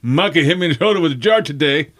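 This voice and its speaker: A man's voice: a little high, animated, quick pace, a bit bright, voice pushed up. A man voicing his angry, blunt teenage brother in a told story. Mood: tattling.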